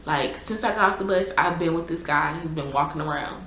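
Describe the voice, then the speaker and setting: A young woman recounts a story to her viewers in a loose, filler-heavy, exasperated way. Her voice sits on the low side for a woman. The room around her is echoey, with a faint hum of ambience. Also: fairly quick, a bit bright. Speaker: YouTuber. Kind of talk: casual storytime.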